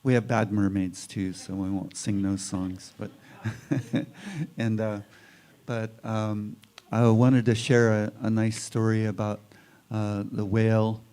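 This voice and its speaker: A man's voice: fairly low pitch, little pitch movement, warm tone. A man telling a traditional story at a spiritual service, drawing out words and inviting listeners to call back. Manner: unhurried, chanting the story's opening and drawing out words. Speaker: guest storyteller.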